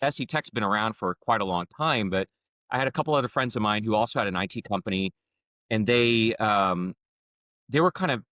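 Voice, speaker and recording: A podcast host with a lowish voice tells a story in a casual, chatty way, speaking a little fast. He acts out quoted dialogue with lively voices, and the recording is dry with clean studio sound.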